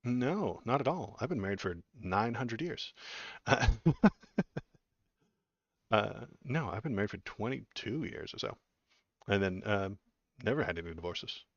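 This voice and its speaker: A low-pitched man in his forties from Texas, hosting a political livestream and answering chat in a rambling, blunt way full of ums and restarts. His voice comes through dry and a little dull, with a lo-fi edge. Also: lively intonation, moderate pace, no room sound.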